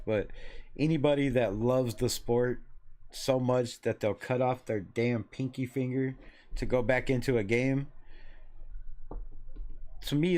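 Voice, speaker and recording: A man in his forties from Los Angeles runs his own football talk channel, with an everyday middle-pitched voice. He rambles along loosely, swears casually and laughs at his own remarks. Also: a little mellow. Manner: loose, chatty, swears freely, laughs at himself. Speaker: sports channel host. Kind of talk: casual sports commentary.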